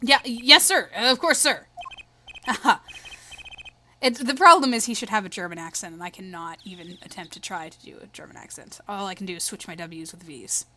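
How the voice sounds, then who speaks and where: A woman's voice: on the low side, animated, fast talker, few pauses, bright, forceful tone, a little hiss or hum. A woman giving casual, self-deprecating let's play commentary while she reads a game aloud. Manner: chatty, self-deprecating asides. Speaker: let's player. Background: game music.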